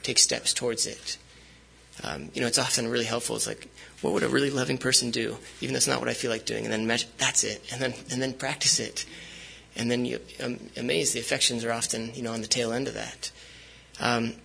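A man's voice: mid-range voice, level tone, fast talker, gravelly, sharp tone, breathy edge, low-quality recording. A man preaching a sermon as pastor, speaking conversationally with frequent fillers and restarts.

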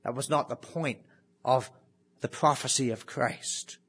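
A man preaching a sermon, animated and full of rhetorical questions, dropping to a near hush to stress key words. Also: medium pitch, unhurried, slightly rough.

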